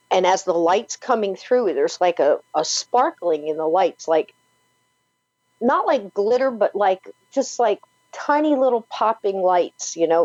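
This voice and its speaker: Brief: woman guest, lowish voice, vivid storyteller with lots of "like", dull dry lo-fi recording. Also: dry recording. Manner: vivid, animated retelling full of "like" and "you know". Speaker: paranormal podcaster and author, guest. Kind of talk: storytelling in an interview.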